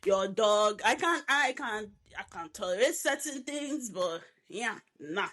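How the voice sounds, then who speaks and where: A woman's voice: medium pitch, lively intonation, measured pace, pushed and bright. A woman in her twenties, co-hosting a podcast, talking candidly and with emphasis in casual chat. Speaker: podcast co-host.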